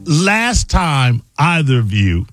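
A man's voice: a little high, big pitch swings, takes it slowly, over loud music. A man hosting a radio interview, talking in an enthusiastic and rambling way with plenty of emphasis. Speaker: radio show host.

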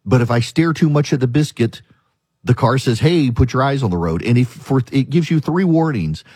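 A man's voice: medium pitch, expressive, moderate pace, a little mellow, slightly rough, no echo, studio quality. A man hosting a radio talk show, arguing his opinions emphatically and hammering the same points again and again. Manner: emphatic, argumentative, repeats points.

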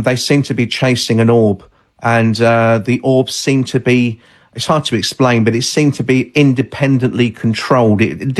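Measured, hesitant man telling stories. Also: medium pitch. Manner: hesitant, measured storytelling with fillers. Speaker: guest author. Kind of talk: radio call-in interview.

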